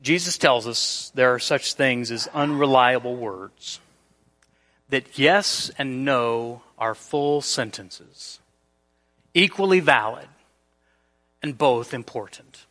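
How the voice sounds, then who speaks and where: A man preaching a sermon in a church, explaining scripture and acting out everyday scenes in a lively way. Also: mid-range voice, slow pace, long reverb tail. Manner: animated, acts out everyday scenarios. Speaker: pastor. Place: church sanctuary.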